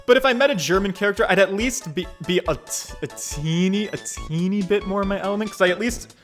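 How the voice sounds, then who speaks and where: A man's voice: high-pitched, a little fast, a bit bright. A man giving playful, joking commentary while playing and reading a game. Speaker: let's play streamer. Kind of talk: casual gameplay commentary. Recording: game music behind voice.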